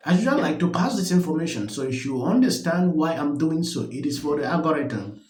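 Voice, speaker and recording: A man's voice: a little high, animated, brisk, a little mellow, echoey room, poor audio. A man hosting a reaction commentary channel, speaking emphatically and with disbelief.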